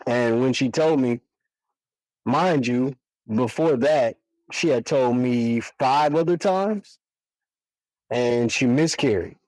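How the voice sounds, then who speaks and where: A man in his forties tells a story in a loose, conversational way, voicing the people in it as he goes. His pitch sits in an ordinary middle range, and the sound is close and dry, with almost no room around it. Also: slow pace, long pauses, no echo, low-quality recording. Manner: relaxed, animated storytelling with quoted dialogue. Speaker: podcast guest, single father.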